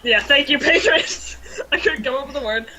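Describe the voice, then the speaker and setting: A young woman running a tabletop game over a voice call, recapping the last session slowly, with lots of ums and easy laughs. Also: high-pitched, a crowd in the background, low-quality recording. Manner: unhurried, filler-heavy, laughs easily. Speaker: game master. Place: room at home. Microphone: computer mic on a voice call.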